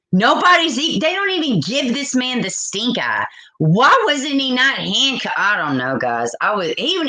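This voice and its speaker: A woman's voice: fairly high pitch, bright, forceful tone, poor audio. A woman in her forties hosting a live call-in stream, blunt and outspoken as she reads viewer comments aloud. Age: 40s. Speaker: livestream host.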